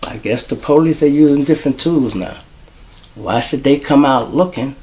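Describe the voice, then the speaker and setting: A man's voice: mid-range voice, normal speed, a little mellow. A middle-aged man telling street stories outdoors to a live audience, blunt, profane and mocking. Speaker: show host and storyteller.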